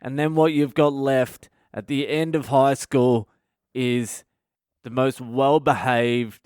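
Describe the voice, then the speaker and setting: A man's voice: mid-range voice, steady tone, slow pace, a little mellow, clear, resonant tone, dry recording, clean studio sound. A man delivering a profane, sarcastic comedic rant as a podcast host.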